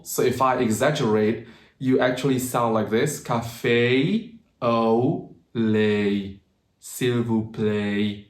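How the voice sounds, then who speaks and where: A man giving a pronunciation lesson, slowing down to demonstrate each sound. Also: medium pitch, roomy sound. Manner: slow, exaggerated demonstration of sounds. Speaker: language teacher.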